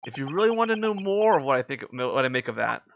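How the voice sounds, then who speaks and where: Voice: medium pitch, sing-song, fast, vocal fry, dull audio, a little hiss or hum. A streamer voicing a nervous, earnest young male law student in a visual novel, who stammers and apologizes. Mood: flustered. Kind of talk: reading visual novel lines aloud. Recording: game music playing behind. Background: game music.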